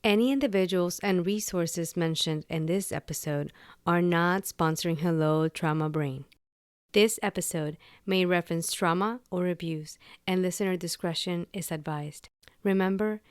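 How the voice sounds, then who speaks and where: A woman's voice: fairly low pitch, moderate pace, clean tone, dry recording, studio quality. A woman hosting her own podcast, talking unscripted and candidly, telling stories animatedly and acting out bits of dialogue. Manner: candid, animated storytelling with laughs and quoted dialogue. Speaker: podcast host. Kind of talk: unscripted personal podcast monologue.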